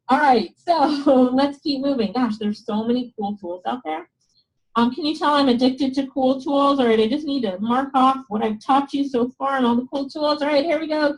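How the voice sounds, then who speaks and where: A woman teaching an online business class in a live webinar, chatty and excited, laughing often and losing her voice. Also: fairly high pitch, rough recording.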